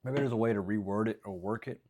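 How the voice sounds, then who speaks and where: A man in a casual vlog, talking haltingly about his stand-up material and second-guessing his own jokes. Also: fairly low pitch, mellow. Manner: halting, rambling, self-critical, frequent restarts. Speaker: stand-up comedian.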